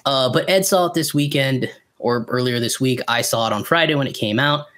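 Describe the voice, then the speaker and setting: A man's voice: mid-range voice, fairly quick, fairly bright tone. A man co-hosting a podcast, rambling and swearing freely as he reviews films in casual chat. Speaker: podcast co-host.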